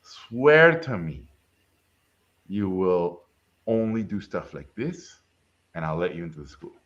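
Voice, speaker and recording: A man putting on the voice of a blunt older art professor who talks slowly and softly with inverted phrasing. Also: low voice, very animated, dull audio, voice pushed down, exaggerated voice. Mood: approving. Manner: Yoda-like inverted phrasing, slow, hushed.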